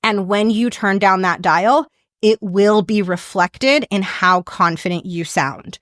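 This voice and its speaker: A woman's voice: medium pitch, slow, fairly bright tone, dry recording, clean studio sound. A woman podcast host teaching voice skills in a casual, upbeat, teacherly way, with frequent "like" fillers. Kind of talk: instructional podcast talk.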